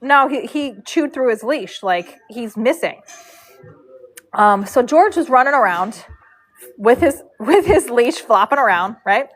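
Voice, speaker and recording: A woman telling a rambling, animated story on a casual livestream, with frequent fillers. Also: a little high, measured pace, low-quality recording. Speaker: horse braider and live streamer.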